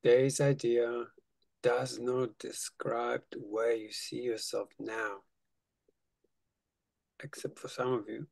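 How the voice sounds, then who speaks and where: A man leading a spiritual study group over a video call, playful and coaxing, turning hushed when guiding the meditation. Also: medium pitch, level tone, slow, vocal fry, long pauses, no room sound. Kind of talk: guiding a group affirmation lesson.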